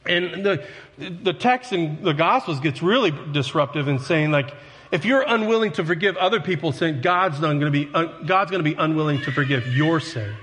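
A man's voice: fairly high pitch, expressive, moderate pace, fairly bright tone. A man preaching as a pastor, earnest and conversational, with self-deprecating asides to his congregation. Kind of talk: sermon. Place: church sanctuary. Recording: long hall reverb.

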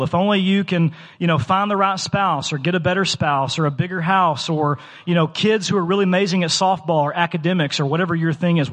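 A man's voice: on the high side, fairly bright tone. Youngish guy pastor preaching, earnest and chatty, lots of ums, reverby church sound. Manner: conversational, earnest, with many fillers and restarts. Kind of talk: sermon. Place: church sanctuary.

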